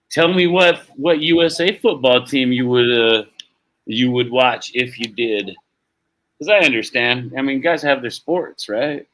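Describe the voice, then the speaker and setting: A man's voice: medium pitch, a bit bright, low-quality recording. A man hosting a live stream, chatting casually about sports in a rambling, laid-back way and swearing now and then. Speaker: stream host.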